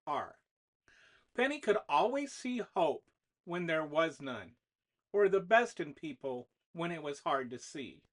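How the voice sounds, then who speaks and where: An author reading a whiteboard novella aloud as the narrator, in an expressive manner. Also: medium pitch. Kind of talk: storybook narration.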